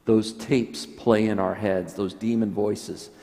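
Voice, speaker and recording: A priest giving an earnest, reflective sermon, often dropping to soft, quiet tones. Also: male voice, lowish voice, fairly even intonation, slow, creaky. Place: church. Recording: long church reverb.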